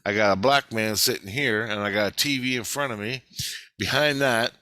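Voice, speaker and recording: A man's voice: lowish voice, normal speed, sharp tone, no room sound. A man telling a long, rambling story in casual, blunt talk full of swearing. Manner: blunt, profane, loose. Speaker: vlogger recounting a dream.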